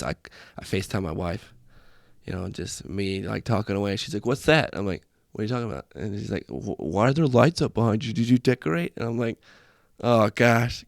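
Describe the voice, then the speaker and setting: A man's voice: fairly low pitch, creaky, no echo, clean studio sound. A man hosting a casual solo podcast, talking in a rambling, self-deprecating way with frequent tangents, from a small room. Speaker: podcast host, airman. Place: small room with festive lights. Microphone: desk setup in front of laptop.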